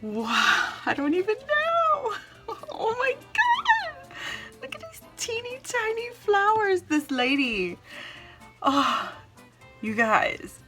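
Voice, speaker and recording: A woman's voice: very high-pitched, wildly swooping pitch, slow, music in the background. A woman hosting a craft channel, chatting casually through an unboxing and gushing with squealing exclamations.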